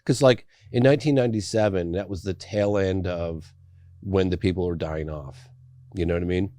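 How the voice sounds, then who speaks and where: A man's voice: sits low, normal speed, dark tone. A middle-aged man from England, a documentary filmmaker telling his story in a casual interview, acting out the people he quotes. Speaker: documentary filmmaker, podcast guest.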